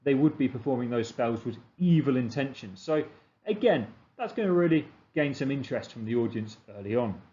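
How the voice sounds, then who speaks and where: A man with a mellow, dark voice talks students through a revision lesson at a steady middle pitch. He poses questions and then answers them himself in an explanatory way. The recording sounds dull and lo-fi. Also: a little fast. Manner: explanatory, asks and answers his own questions. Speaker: teacher.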